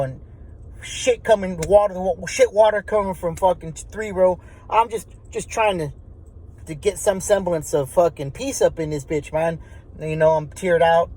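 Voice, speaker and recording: A man's voice: on the high side, darkish tone, low-quality recording. A man telling a story casually, profane and rambling with many restarts. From Texas.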